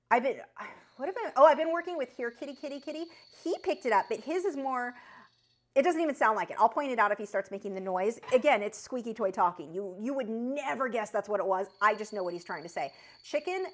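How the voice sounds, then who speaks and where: A woman with a high voice that she says sounds like a chipmunk, chatting loosely with her viewers on an art live stream, with lots of fillers and restarts. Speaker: art teacher answering chat. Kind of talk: casual live-stream chat.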